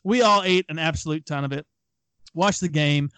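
30s guy, kinda high voice, rambly storytelling on a podcast, dry close mic. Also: normal speed, sharp tone, clean tone, no room sound. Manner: rambling anecdotes with frequent restarts and fillers. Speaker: podcast co-host. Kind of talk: casual chat, storytelling.

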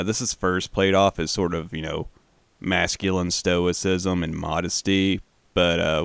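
Deep gravelly man recapping a film. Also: no room sound. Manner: relaxed, swears casually, uses fillers. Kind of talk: casual film commentary.

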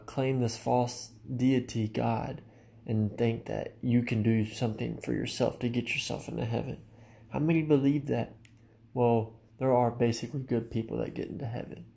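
A man's voice: medium pitch, fairly even intonation, moderate pace, gravelly, warm tone. A man preaching a sermon in an earnest, direct way, often addressing listeners as his friend.

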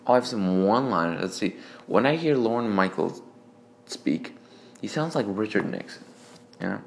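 A man's voice: fairly low pitch, expressive, moderate pace, vocal fry. A man alone with a phone voice memo, reading his old joke notes aloud, rambling, swearing and mocking himself. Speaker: amateur comedian.

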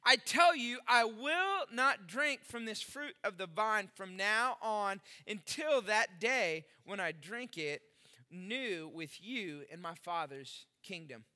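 A middle-aged male pastor preaching a sermon, animated and acting out the voices of the people in the story he reads. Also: high-pitched, slow.

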